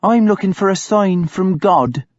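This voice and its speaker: A man's voice: high voice, animated, a little slow, darkish tone, no echo, voice pushed up. A tart, devout young woman with a lifted, lilting voice, as a male reader puts her on. She speaks in a reproving, earnest way, set against a dry, dull lo-fi audiobook recording. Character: stern pious young woman, tart and caring.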